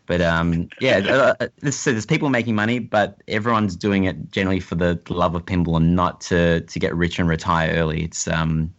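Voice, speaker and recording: A man's voice: low-pitched, steady tone, brisk, few pauses, lo-fi sound. An Australian man chatting casually as a podcast guest, rambling with lots of fillers and restarts.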